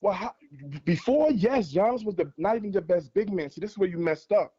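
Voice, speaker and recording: High-voiced man arguing hard. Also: lively intonation, brisk, dark tone, husky, dull audio. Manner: passionate, argumentative, repeats points for emphasis. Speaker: guest caller on a fan livestream. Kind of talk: heated sports debate.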